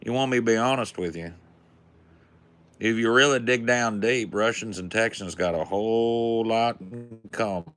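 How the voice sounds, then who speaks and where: A man's voice: on the low side, moderate pace, fairly bright tone, pitched above the performer's own voice, natural voice. A man putting on a folksy Texan cowboy voice with a drawling, boastful swagger in a casual podcast chat.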